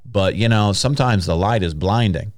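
A man's voice: lowish voice, moderate pace, no echo. A man hosting a Christian podcast in a studio, chatting casually, laughing often and sprinkling in praise exclamations. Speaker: podcast host.

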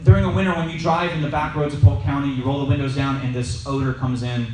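A fast-talking man with a mid-range voice leads a group Bible study in a casual, lively way, telling stories and asking his listeners questions. There's a little hiss or hum, and the distant mic catches plenty of room echo.

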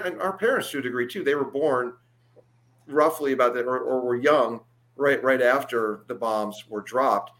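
Guy hosting a podcast hangout on a video call, bright punchy voice, loose and chatty. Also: medium pitch. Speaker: podcast host. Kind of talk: casual panel chat over video call. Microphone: video call mic.

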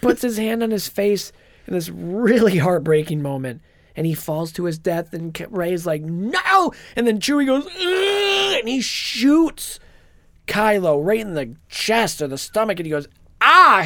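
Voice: medium pitch, lively intonation, dry recording, studio quality. Podcast host recapping a film. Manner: retells scenes with quick impressions of characters. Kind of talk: casual movie recap.

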